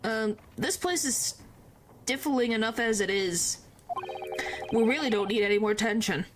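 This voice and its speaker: A young adult woman streamer chatting casually over gameplay, playful and quick to indignation. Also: fairly high pitch, background noise.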